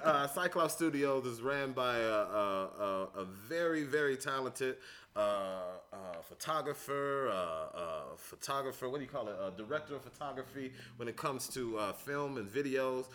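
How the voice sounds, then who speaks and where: Joking, halting man in casual chat. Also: mid-range voice, animated, a bit bright. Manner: jokey, laughing between halting phrases.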